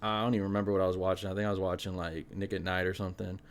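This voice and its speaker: A young man hosting a podcast, telling a spooky personal story in an animated, casual way, full of fillers. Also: deep voice, racing. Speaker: podcast host.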